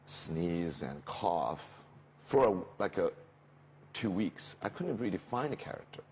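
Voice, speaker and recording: A middle-aged man with a Chinese accent, a stage actor chatting in an interview, animated and jumping up in pitch when he quotes people. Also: unhurried, dull audio, a little hiss or hum. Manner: animated, pitch jumps when quoting others. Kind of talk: casual interview chat.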